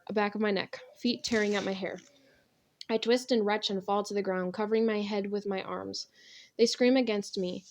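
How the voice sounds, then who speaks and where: A young woman narrating an audiobook in the first person, with an expressive, intense, dramatic delivery. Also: mid-range voice.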